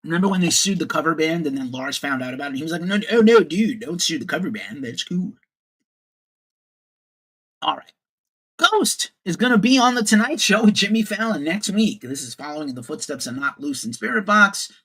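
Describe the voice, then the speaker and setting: A man's voice: fairly high pitch, animated, quick pace, vocal fry, fairly bright tone. A man in his forties hosting a casual livestream news show, opinionated and profane, greeting viewers in the chat.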